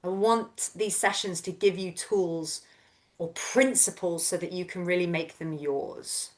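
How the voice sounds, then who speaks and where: Gentle, unhurried woman vocal coach. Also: on the low side. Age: 30s. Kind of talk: guided voice and breath workshop.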